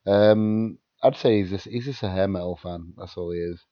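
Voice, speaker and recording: A man's voice: deep voice, moderate pace, no echo, dull audio. A British man co-hosting a podcast in casual chat, rambling through sweary anecdotes with many restarts, and sounding tired. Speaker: podcast co-host.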